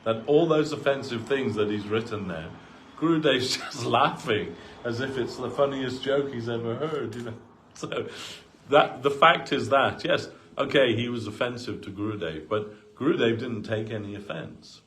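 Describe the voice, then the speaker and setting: A man giving a relaxed sermon through personal anecdotes, talking in an easygoing way with frequent asides. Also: medium pitch, normal speed, hardly any pauses. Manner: conversational, full of asides, acts out quoted voices. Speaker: devotee giving a talk. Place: temple hall.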